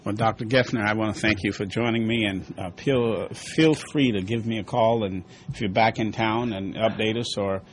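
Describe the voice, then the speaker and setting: A man hosts a radio talk show in a somewhat low voice, stopping and restarting his sentences. His wording is loose and full of fillers. A faint hiss sits under his voice. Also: steady tone. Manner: halting, repeats phrases, lots of fillers. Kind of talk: casual radio interview.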